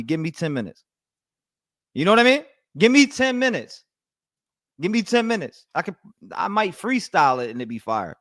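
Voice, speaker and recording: A man's voice: mid-range voice, dry recording. A man hosting a live stream, ranting with heated, profane, rambling talk full of restarts and answering chat. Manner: reads and answers chat messages.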